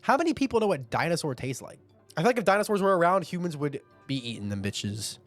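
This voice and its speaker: A man hosting a manga reaction, giving casual commentary with animated, profane asides. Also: fairly high pitch, fast, faint music behind. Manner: animated, swearing, laughing asides.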